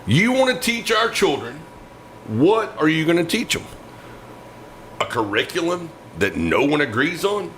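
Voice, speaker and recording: A man's voice: a little high, very animated, a little slow, a bit bright, a little hiss or hum, rough recording. Emphatic, ranting talk-show man. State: angry. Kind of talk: opinionated political talk.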